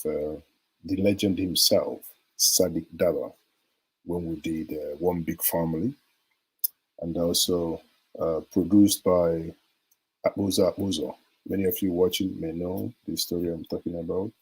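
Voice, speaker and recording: Nigerian guy hosting a live stream, low husky voice, chatty and laughing a lot, reads out comments. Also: warm tone, poor audio. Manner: chatty, laughs often, drifts into stories. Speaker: live show host. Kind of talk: live-stream chat reading viewer comments.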